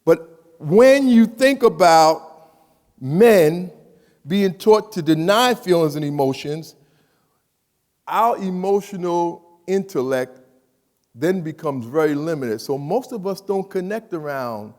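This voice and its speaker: A man's voice: fairly high pitch, slow, pauses often. Emphatic man talking in a big hall. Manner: animated and emphatic, repeats phrases, asks the audience questions. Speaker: speaker addressing students. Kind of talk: motivational talk to a live audience. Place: large hall. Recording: reverberant hall.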